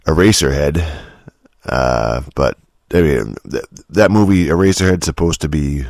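A man's voice: rumbling low, darkish tone, no room sound, studio quality. A man rambling through a casual, profane rant about a game, exasperated and full of restarts. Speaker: game commentator.

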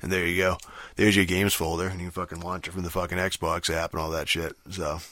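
A man's voice: sits low, level tone, fairly quick, pushed and bright, dry recording. A man ranting casually about gaming, profane and rambling, full of fillers and restarts. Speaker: gaming commentator. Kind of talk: casual rant.

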